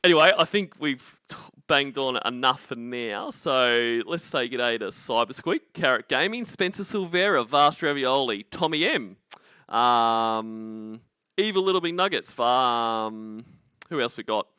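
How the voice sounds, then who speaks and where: A man's voice: medium pitch, animated, unhurried, pushed and bright, clear, resonant tone, dry recording, lo-fi sound. An Australian man hosting a stream, chatting casually with laughing, sweary banter. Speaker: stream host. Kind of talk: casual commentary chat.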